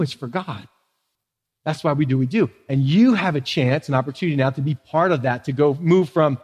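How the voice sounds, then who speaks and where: Male pastor, high voice, casual preaching with rhetorical questions, long echo of a church hall. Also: moderate pace. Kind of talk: sermon. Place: church sanctuary.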